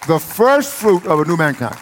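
A man with an East Texas accent preaching a lively sermon, with folksy humor and emphatic repetition. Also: on the high side, moderate pace, some chatter behind, a little hiss or hum.

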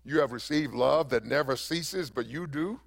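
A man's voice: fairly high pitch, moderate pace, vocal fry. A man preaching a sermon as pastor, emphatic and repeating phrases for effect.

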